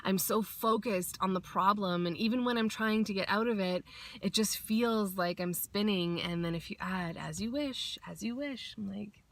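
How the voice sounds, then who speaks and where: A woman's voice: mid-range voice, fairly even intonation, normal speed, no room sound. Woman vlogger, casual pep talk, blunt and sweary, acts out quotes.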